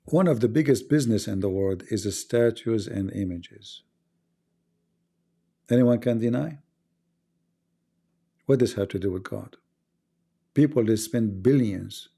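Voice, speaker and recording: Gravelly argumentative man on a livestream. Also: lowish voice, mellow. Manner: argumentative, asks rhetorical questions, non-native grammar. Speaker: livestream host. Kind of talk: casual livestream monologue.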